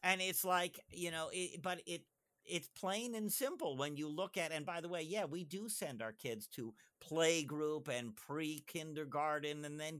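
Guest, male, high bright voice, animated and digressive, talks in quick bursts. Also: clear, resonant tone. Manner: animated, fast asides and self-interruptions. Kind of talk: conversational discussion.

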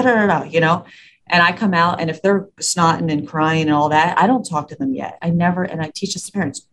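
A woman's voice: deep voice, a little hiss or hum. A woman talking about working with kids and parents in a casual interview, acting out the exchanges she describes. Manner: animated storyteller, acts out quoted exchanges. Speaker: school administrator and parenting educator.

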